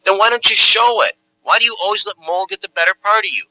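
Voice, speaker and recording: A man's voice: sits high, fast talker, bright, forceful tone, no echo, rough recording. A man in an improvised comic argument, coaxing and lecturing another man.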